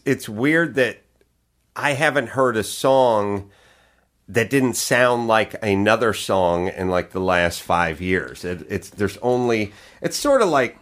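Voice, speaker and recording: A man's voice: on the low side, fairly bright tone. A man in a casual podcast chat, ranting with profanity and jokes. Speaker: comedian guest.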